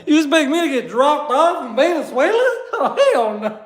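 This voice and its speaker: A man's voice: very high-pitched, lively intonation, normal speed, faint music behind. A young man ranting casually and heatedly, swearing and saying "bro" often, with disbelieving laughs. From United States. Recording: roomy echo.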